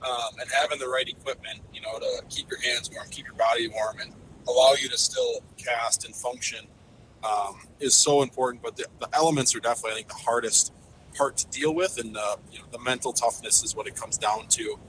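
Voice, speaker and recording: A man's voice: mid-range voice, steady tone, fairly quick, a bit bright, a little hiss or hum, low-quality recording. A man, a fishing guide, talking in a casual podcast interview, enthusiastic and rambling with lots of fillers and restarts.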